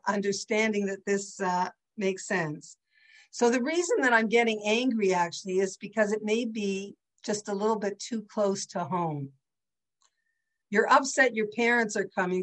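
A woman's voice: medium pitch, low-quality recording. A woman giving a conversational lecture over a video call, often checking in with her listeners. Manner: chatty, often checks in with "right?" and "okay?". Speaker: teacher leading an online class.

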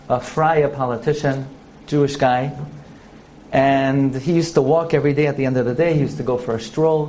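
A man giving an animated Torah class, asking rhetorical questions, using many Hebrew and Yiddish terms and acting out the characters in a story. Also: mid-range voice, a little hiss or hum. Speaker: rabbi teaching a Torah lesson.

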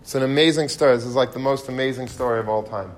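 A man giving an animated storytelling lecture, mixing in Hebrew and Yiddish terms. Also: mid-range voice, fast, slight background noise.

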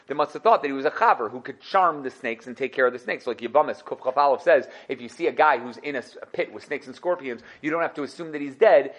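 Fast-talking man teaching Torah. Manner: quick, lively, acts out quotes with big pitch jumps. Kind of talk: fast, animated Torah lesson.

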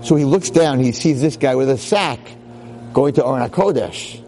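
A man telling a story in a sermon, an animated storyteller with dramatic pauses. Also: mid-range voice, slight background noise. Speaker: rabbi lecturer.

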